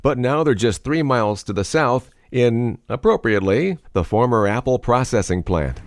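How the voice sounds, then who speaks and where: A man hosting a podcast, narrating scripted introductions in a measured way and asking interview questions. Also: medium pitch, expressive, dry recording, clean studio sound. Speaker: podcast host.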